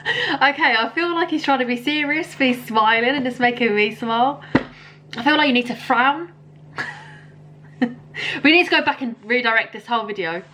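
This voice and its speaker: A woman hosting a reaction video, chatting casually, giggly and quick to enthuse. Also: fairly high pitch, sharp tone, slight background noise. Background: hip hop track playing clearly.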